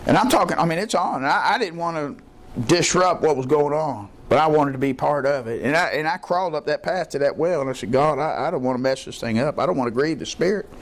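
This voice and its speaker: Man, pastor, sermon, folksy storytelling, high voice, faint room hum behind. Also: fast. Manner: folksy storytelling preaching, rising to excited high-pitched bursts. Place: church.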